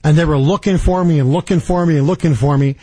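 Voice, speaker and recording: High-voiced talk radio host, indignant. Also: male voice, fast talker, no echo. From Canada. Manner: animated storytelling, indignant. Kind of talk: talk radio monologue and calls. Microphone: studio microphone.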